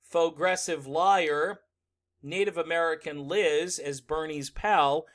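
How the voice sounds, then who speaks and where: A man giving sarcastic, animated political commentary in a vlog. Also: on the high side, slow.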